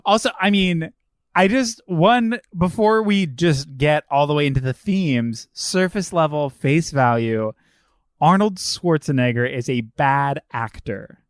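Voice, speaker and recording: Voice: mid-range voice, measured pace, no room sound. Brief: playful podcast co-host, mid-range voice, dry close-mic sound. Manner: jokey, playful asides. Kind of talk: casual film discussion.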